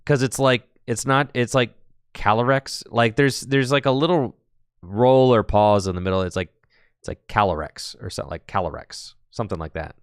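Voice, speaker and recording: A man's voice: mid-range voice, a little fast, clear, resonant tone, no room sound, studio quality. A man casually commentating a card game tournament stream, rambling with jokey asides and answering chat.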